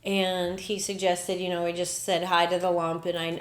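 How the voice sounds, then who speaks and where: A woman's voice: fairly low pitch, little pitch movement, moderate pace. A woman hosting a spiritual podcast, talking in an earnest, reflective way and often slipping into quoted inner dialogue. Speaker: podcast host. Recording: roomy echo.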